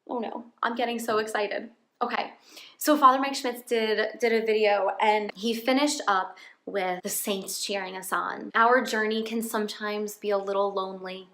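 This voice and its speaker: A woman's voice: a little high, a bit bright, roomy sound. A woman talking in a casual personal vlog from her home, earnest and heartfelt. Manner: earnest, heartfelt, openly emotional. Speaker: faith vlogger.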